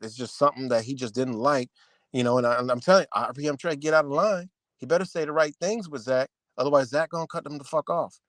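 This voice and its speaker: A man's voice: a little high, a bit bright, no echo. A man ranting heatedly and profanely on his livestream, repeating himself as he vents. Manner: agitated, profane, repetitive ranting.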